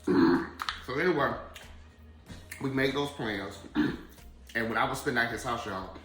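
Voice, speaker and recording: Eating as he talks, this Atlanta-area vlogger wanders through a personal story, chatting casually and addressing his viewers directly. He speaks unhurriedly in a medium-pitched, fairly bright voice with lively intonation, and the recording sounds roomy.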